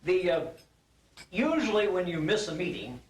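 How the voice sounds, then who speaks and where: Brief: older man, after-dinner acceptance speech, folksy storyteller, lively pitch, distant roomy hall recording. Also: normal speed. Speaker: honoree giving acceptance speech. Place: banquet hall.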